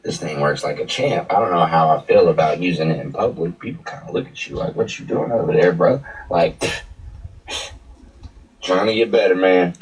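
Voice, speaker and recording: A man's voice: sits low, normal speed, slightly rough, recorded from a distance, poor audio. A man with a congested, sick-sounding throat talks casually in a profane, repetitive, upbeat way. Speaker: streamer. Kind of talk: casual vlog chat.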